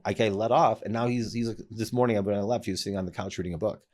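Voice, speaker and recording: Very deep-voiced man, earnest and reflective. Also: steady tone, rapid-fire, darkish tone. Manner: reflective, earnest, with many restarts and fillers. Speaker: podcast guest. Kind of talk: casual conversation.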